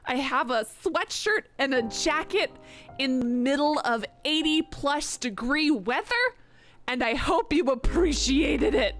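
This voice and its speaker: Chatty high-voiced woman streamer. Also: measured pace, a bit bright. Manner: chatty, rambling, fillers and self-mocking asides. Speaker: live streamer. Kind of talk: casual stream sign-off chat. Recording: music playing behind.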